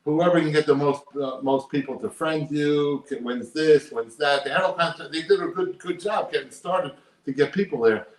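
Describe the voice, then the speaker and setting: A man's voice: fairly high pitch, normal speed, few pauses. An older man, a poker player, talking casually and emphatically in an interview, repeating his points. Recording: roomy echo.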